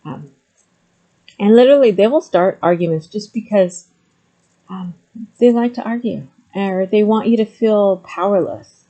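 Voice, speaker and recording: A woman's voice: mid-range voice, unhurried, long pauses, warm tone, highs cut off. A middle-aged woman talking candidly to the camera, with frequent ums, moving between hesitant and emphatic speech. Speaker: vlogger sharing personal story. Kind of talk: candid personal talk to camera.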